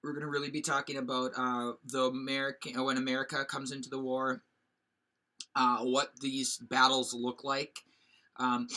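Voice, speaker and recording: Male teacher, very sharp bright tone, casual rambling slide lecture full of fillers. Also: medium pitch. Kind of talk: recorded history lecture over slides.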